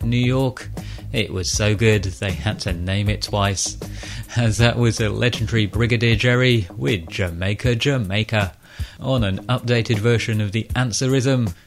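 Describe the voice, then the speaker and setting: Man, radio presenter, lowish voice, scripted narration, measured and informative.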